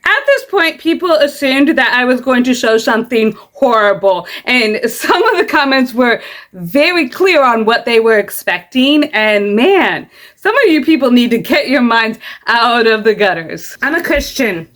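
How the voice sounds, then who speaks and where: Midwestern-accented woman, vlogger, sincere explanatory tone, slightly high pitch. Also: expressive, a little slow, a bit bright. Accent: American Midwest. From Midwestern United States. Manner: earnest, explaining herself, occasional stumbles over words. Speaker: content creator. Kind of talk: casual vlog commentary.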